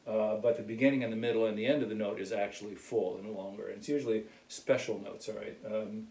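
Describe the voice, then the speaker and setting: A man teaching a casual music lesson in a relaxed way, often checking in with "okay?". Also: fairly low pitch, fast. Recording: echoey room, mic far off.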